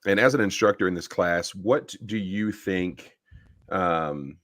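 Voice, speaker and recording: A man with a very low, deep voice hosts a casual podcast interview, recorded dry and close. He rambles through his questions and restarts them as he goes. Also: expressive, a little slow, a bit bright, no echo. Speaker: podcast host.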